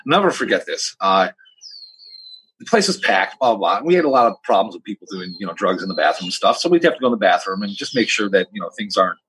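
A man who is a podcast guest, telling stories in a blunt, plain-spoken, animated way. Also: on the low side, quick pace, husky, rough recording. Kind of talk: casual podcast storytelling.

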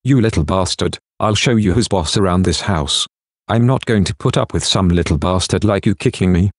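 A man's voice: sits low, normal speed, no echo, studio quality. A man reading as a cursing, bullying stepfather. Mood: angry threatening. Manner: harsh, swearing threats. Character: angry violent male stepfather, bullying and crude.

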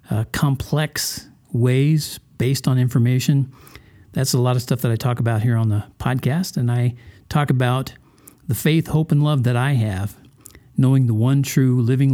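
A man hosts a religious podcast in a folksy, conversational monologue. His voice is mellow and sits at a middle pitch. He keeps turning to the listener with casual questions. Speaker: podcast host.

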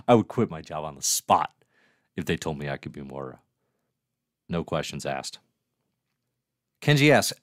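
A man hosts a casual comics livestream, reading viewer comments aloud as he chats. His voice sits a bit low but moves in lively, animated swings. The sound is dry and close. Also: normal speed, pauses often, no echo. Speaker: livestream host.

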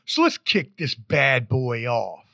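A man's voice: mid-range voice, sing-song, slow, creaky, bright, forceful tone, a little hiss or hum. A man hosting a podcast, introducing the show in a playful, hyped, rambling way. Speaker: podcast host.

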